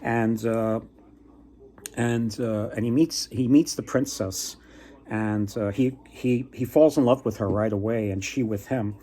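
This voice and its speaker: A man casually retelling a folktale on his book vlog, with a husky voice at a middling pitch. He talks in a halting way, pausing and restarting often. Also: steady tone, warm tone. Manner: halting, with many pauses and restarts. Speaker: book vlogger. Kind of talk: casual storytelling.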